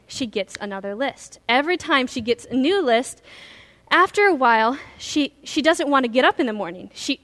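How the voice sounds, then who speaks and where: A woman's voice: sits high, fairly bright tone. A woman pastor giving an earnest, emphatic sermon with stories.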